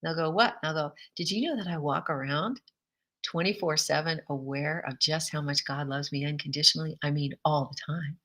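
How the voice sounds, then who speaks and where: A woman with a bright, forward voice giving an upbeat faith-based pep talk. She speaks emphatically, laughs often and acts out small scenes of everyday conversations. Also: low voice, brisk, rough recording. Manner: animated and emphatic, laughing often, acting out quotes. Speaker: host of a faith-based encouragement show.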